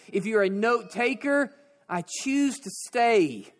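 A man preaching a sermon, repeating phrases and slowing down to stress his points. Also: high voice, expressive. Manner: repeats phrases and slows down for emphasis.

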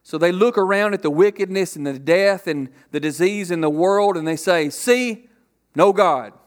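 A man preaching a sermon to a congregation, asking rhetorical questions and acting out loud quotes. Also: high voice, normal speed. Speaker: pastor.

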